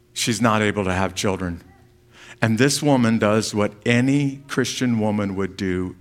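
A man preaching an earnest, pleading sermon as pastor, rising in force when he reads scripture and sinking low and soft at the ends of his phrases.

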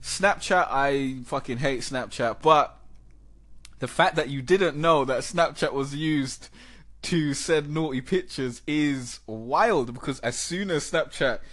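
A man hosting a casual podcast, talking in an animated, chatty way and laughing often. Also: medium pitch, slow. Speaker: podcast host.

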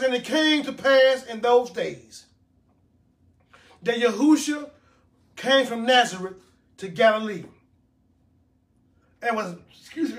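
A man preaching a sermon, reading scripture aloud and repeating words for emphasis. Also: extremely high pitch.

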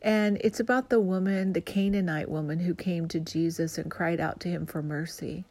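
Woman in ministry giving an earnest sermon; emphatic, deliberate stresses. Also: lowish voice, steady tone, a little mellow. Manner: earnest, emphatic preaching with slow stressed phrases.

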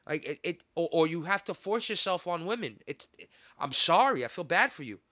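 Heated high-voiced New podcast host. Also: male voice, animated, normal speed, no echo, studio quality. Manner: heated, profane, repetitive ranting with sudden loud outbursts. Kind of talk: casual podcast rant.

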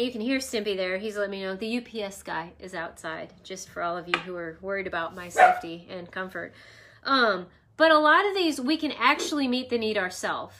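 A woman hosts an emotional wellness session from her home, talking through ideas in a loose, reflective way and weaving in personal stories. Her voice sits a little high and sounds bright and forward. The delivery is conversational and wandering rather than scripted. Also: a little hiss or hum. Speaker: host of an emotional wellness talk. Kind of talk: casual spoken teaching with personal stories. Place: at home with her dog nearby.

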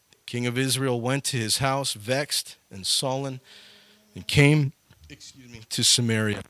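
A young adult man preaching in a casual, animated way, retelling Bible stories and acting out the characters in them. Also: mid-range voice, no room sound. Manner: animated, acts out quoted characters with sudden loud jumps.

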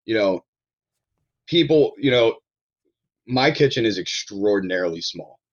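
A man's voice: lowish voice, animated, measured pace, dull audio. A man with a Baltimore accent, a chef talking candidly and casually as a podcast guest. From Baltimore area, USA. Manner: candid, rambling, swears casually.

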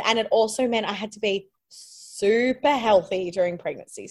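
An Australian woman, her voice sitting a bit high, tells her story in a loose, chatty way. She fills her sentences with little "likes" and keeps the conversation flowing easily. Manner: chatty, lots of "like" fillers, laughs while telling. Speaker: podcast guest. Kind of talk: casual personal storytelling.

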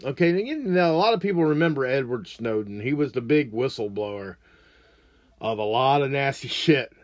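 Profane, animated man ranting. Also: medium pitch, normal speed, no echo, clean studio sound. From United States. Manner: blunt, crude, mocking, animated. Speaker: podcast host. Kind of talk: profane political rant.

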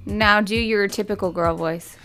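A woman's voice: medium pitch, steady tone, normal speed, fairly bright tone, soft background music. A woman co-hosting a comedy podcast, teasing her co-host with dry remarks. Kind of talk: casual comedic banter.

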